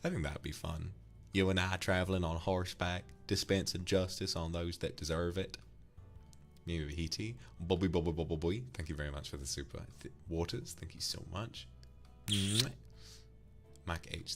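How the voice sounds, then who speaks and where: A man's voice: low voice, fairly even intonation, moderate pace, creaky, faint music behind. A man from the UK, streaming and casually thanking viewers for donations, affectionately calling them darling. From United Kingdom.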